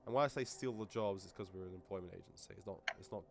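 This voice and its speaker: A podcast co-host with a low, gravelly voice talks rapid-fire, spinning rambling stories packed with crude jokes in casual chat. Faint music plays behind him.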